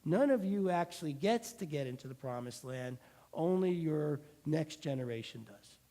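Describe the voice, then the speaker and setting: A man's voice: fairly high pitch, lively intonation, normal speed, mellow, big-room sound, pitched below the performer's own voice, close to an everyday voice. A man voicing a stern, exasperated deity who passes judgment in a weary, matter-of-fact way.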